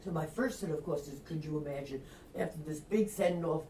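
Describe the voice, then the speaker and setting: Older woman from long island spinning a yarn, low-ish voice, does the voices, laughs a lot, mic far off in an echoey room. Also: brisk, slight background noise. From Long Island, New York. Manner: lively, acts out quoted voices, laughs often. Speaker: interview guest, retired reporter. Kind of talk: anecdotal storytelling. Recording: roomy, distant mic.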